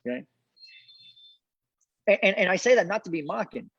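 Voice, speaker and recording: A man talks from his car as an interview guest, animated and laughing often, often repeating his words. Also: high-pitched, normal speed, gravelly, slightly rough, no echo. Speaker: cigar brand founder, guest. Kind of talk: casual interview chat. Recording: dull dry remote call audio.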